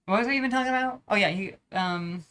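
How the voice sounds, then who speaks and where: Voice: mid-range voice, fast, fairly bright tone, clean tone. Young vlogger, loose rambling chat while drawing, swears a lot. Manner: rambling, profane, many restarts.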